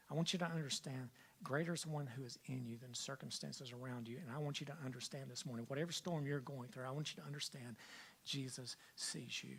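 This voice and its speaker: An older man preaching a sermon as pastor, swinging from loud emphatic lines to hushed whispers and repeating key phrases for emphasis. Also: mid-range voice, fairly even intonation, a little fast, slight background noise.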